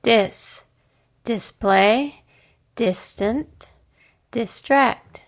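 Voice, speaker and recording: A woman teaching a phonics lesson, sounding out syllables and words one at a time with long pauses between them. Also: fairly high pitch. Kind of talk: slow, deliberate phonics lesson. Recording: dull lo-fi recording.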